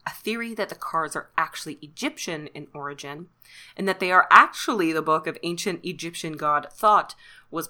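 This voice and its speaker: A Canadian woman hosting her own podcast, talking casually in a fairly low but bright, forceful voice. She is chatty and self-deprecating, and she breaks into laughs often. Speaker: podcast host. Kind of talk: casual solo podcast monologue.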